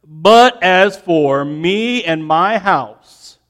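A man preaching a sermon to graduates, telling a story with emphatic, rising peaks and soft, quiet asides. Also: high voice, expressive, very slow. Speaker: pastor.

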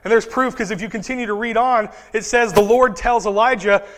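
Male pastor, sermon delivery, animated, high voice, long hall reverb. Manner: animated preaching, voices Bible figures in quick asides.

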